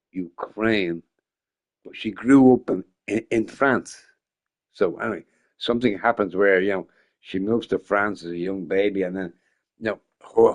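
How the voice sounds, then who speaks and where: Fairly low in pitch with a darkish tone, a young man talks casually over a gaming stream. He wanders from topic to topic, swears freely, and keeps breaking into laughter in this easygoing live-stream chat.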